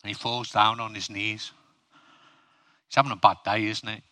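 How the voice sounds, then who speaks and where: A man's voice: fairly low pitch, flat delivery, moderate pace, pushed and bright. A man preaching a humorous sermon, chatting with his audience and asking them questions.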